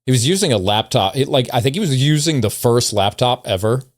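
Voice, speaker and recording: A man's voice: mid-range voice, expressive, a little fast, dry recording. Dry-voiced wry podcast host man. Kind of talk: casual podcast chat.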